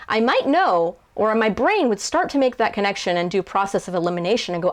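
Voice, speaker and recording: A young woman talks straight to her viewers in a relaxed question-and-answer video. She rambles a little, restarts her sentences and pokes fun at herself. Her voice sits at an ordinary middle pitch for a woman. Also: fairly quick, few pauses. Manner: chatty, self-deprecating, many fillers and restarts. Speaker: YouTuber and translator. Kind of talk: casual Q&A to camera.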